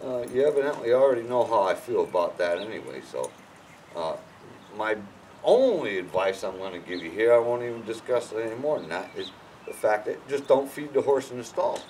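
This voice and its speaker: A man's voice: a little fast, slight background noise, low-quality recording. A man giving casual horse-training advice in a blunt, emphatic way, often restarting his sentences. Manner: lively, swinging from low mutters to loud bursts. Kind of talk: casual instructional talk.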